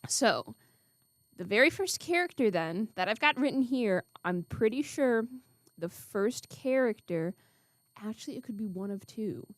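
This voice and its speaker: A woman's voice: a little high, lively intonation, a little slow, no room sound. Chatty young woman co-host, dry close mic. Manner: chatty, thinks aloud with restarts. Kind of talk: casual podcast chat.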